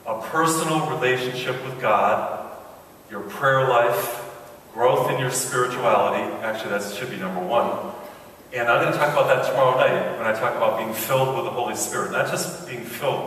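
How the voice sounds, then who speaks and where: A man's voice: mid-range voice, fairly bright tone, a little hiss or hum. A man, a priest preaching a mission sermon in a church, telling jokes between points in a folksy, storytelling way. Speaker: priest giving a parish mission. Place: large church. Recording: echoey church from far off.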